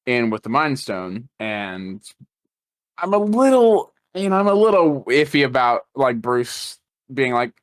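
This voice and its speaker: A man co-hosting a casual movie podcast, talking at a middling pitch. He rambles through scene recaps, stopping and restarting his sentences often. The sound is dry and close, with no room around it. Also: expressive, a little slow, few pauses, a bit bright, clean tone, dry recording. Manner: rambling, lots of fillers and restarts. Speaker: podcast co-host.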